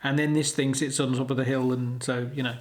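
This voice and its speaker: A man co-hosting a relaxed chat show at an ordinary, middle pitch. He rambles, trips over his words and restarts, and is ready to laugh at himself. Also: brisk. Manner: rambling, hesitant, self-deprecating. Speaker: co-host. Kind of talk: casual chat.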